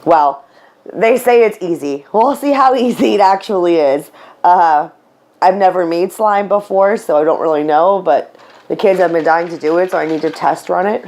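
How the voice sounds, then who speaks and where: A woman's voice: fairly low pitch, moderate pace, darkish tone. A woman vlogging to camera at home as a stay-at-home mother, talking candidly and rambling with fillers and casual swearing, tearful at times. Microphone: camera mic.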